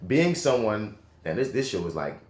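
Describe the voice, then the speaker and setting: Animated slangy man in an echoey room. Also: lowish voice, moderate pace. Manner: animated, slangy, profane, swings between loud and soft. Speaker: podcast co-host, film reviewer. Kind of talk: casual film review chat.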